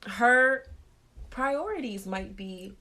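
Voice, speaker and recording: A young woman co-hosting a podcast, frank and animated in casual chat, laughing easily. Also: a little high, takes it slowly. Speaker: podcast co-host.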